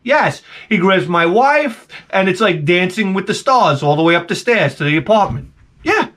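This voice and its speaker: A man's voice: high voice, very animated, normal speed, fairly bright tone. Exasperated, swearing man ranting. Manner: exasperated, profane, self-mocking. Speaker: comedy vlogger. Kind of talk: comic storytelling rant.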